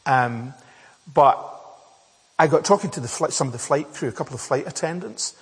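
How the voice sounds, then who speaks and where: A man's voice: fairly high pitch, moderate pace, slightly rough. A man preaching a sermon, telling a personal story in a chatty, self-mocking way with many fillers and restarts. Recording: echoey hall with long reverb.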